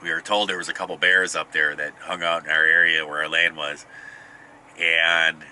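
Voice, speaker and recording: A man's voice: sits low, flat delivery, normal speed, sharp tone, a little hiss or hum. A middle-aged man casually telling a rambling family story, often restarting and chuckling. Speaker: podcast host.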